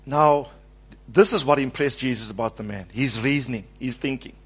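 A man preaching a sermon, animated, calling on the congregation to repeat his words and acting out the quoted speech. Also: medium pitch, normal speed, breathy edge.

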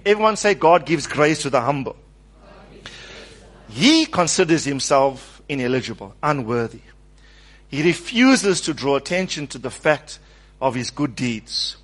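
Animated preacher man, lively rising voice. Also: fairly high pitch. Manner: animated, calls on the congregation to repeat words; stresses words and acts out quoted speech. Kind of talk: sermon.

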